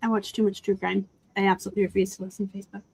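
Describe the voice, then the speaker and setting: A woman's voice: mid-range voice, flat delivery, racing, gravelly, darkish tone, husky, rough recording. A woman hosting a casual live-stream chat about reselling, rambling through asides and laughing often over a video call.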